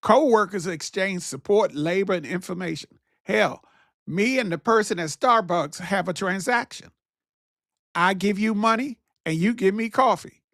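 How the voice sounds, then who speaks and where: A man's voice: sits high, moderate pace, a bit bright, no room sound. Preachy man musing in a dry room. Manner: preachy, conversational, repeats phrases. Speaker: podcast host. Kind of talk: casual monologue.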